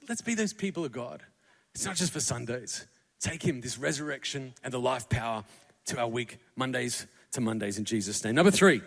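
A man's voice: on the high side, vocal fry, fairly bright tone. A man preaching a conversational sermon in a church, acting out the quotes as he tells the stories. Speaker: pastor. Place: church auditorium. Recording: long hall reverb.

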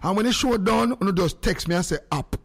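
A Jamaican man hosting a radio live stream, excitable and quick, calling hello again and again. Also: sits high, breathy edge. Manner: excitable, rapid, calls hello over and over. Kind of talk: casual live-stream chat.

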